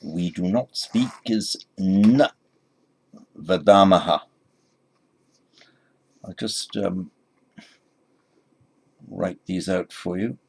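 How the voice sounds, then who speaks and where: A man teaching a Sanskrit lesson, slowly repeating each phrase for the learner. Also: deep voice, creaky, dark tone, breathy edge. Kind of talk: recorded language lesson.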